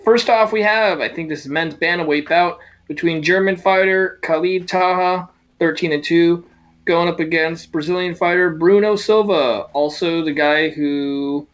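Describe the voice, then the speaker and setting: A man co-hosting a casual fight-sports podcast, excitable and jokey with lots of swearing. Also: on the high side, moderate pace, muffled recording. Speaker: podcast co-host.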